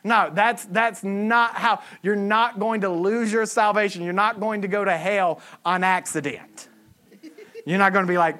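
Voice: mid-range voice, normal speed, fairly bright tone. A pastor preaching a humorous sermon to a congregation, acting out quoted voices. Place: church service with a congregation.

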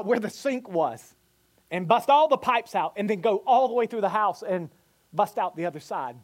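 A man preaches in a notably high voice. He tells a vivid personal story, pausing and restarting as he goes. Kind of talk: sermon storytelling.

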